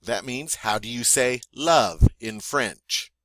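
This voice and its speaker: A man teaching a French vocabulary lesson, saying each word clearly and patiently, then asking the learner to repeat it. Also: mid-range voice, expressive, takes it slowly, fairly bright tone, no room sound. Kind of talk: spoken language lesson.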